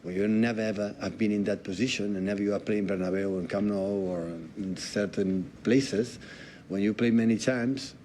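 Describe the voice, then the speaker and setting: A man from Spain speaking English as a football manager at a press conference, halting and repeating words, with loose grammar. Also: lowish voice, fairly even intonation, warm tone, a little hiss or hum. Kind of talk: press conference answers in non-native English.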